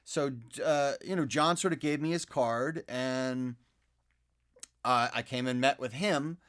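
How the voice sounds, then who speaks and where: Man, voice actor guest, casual interview, rambling storytelling, fillers and restarts, mid-pitched voice, studio mic. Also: slow pace, clear, resonant tone. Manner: animated anecdotes, many fillers and restarts. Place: podcast studio.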